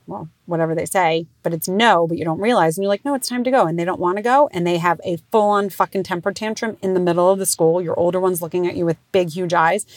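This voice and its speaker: A woman in her thirties hosting a podcast, telling parenting stories in a frank, profane way and laughing at herself as she goes. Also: dry recording. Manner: swings into high squealing voices when quoting herself. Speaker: podcast host. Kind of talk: casual comedic monologue.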